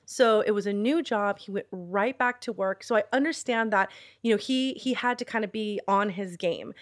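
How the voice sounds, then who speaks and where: A middle-aged woman co-hosting a casual chat, telling a story with lively acted-out voices. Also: mid-range voice, normal speed. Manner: animated storytelling, acts out her husband shouting.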